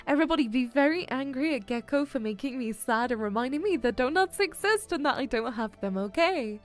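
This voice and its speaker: Brief: young woman streamer, bubbly, way up high in pitch, swoops all over, giggly and playfully dramatic. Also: animated, a little fast, soft background music. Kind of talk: casual livestream chat.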